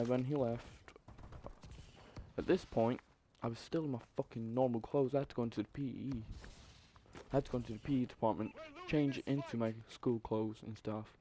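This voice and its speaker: A young man telling a story in a casual, profane, animated way, with exasperated asides. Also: lowish voice, vocal fry, slight background noise. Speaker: vlogger.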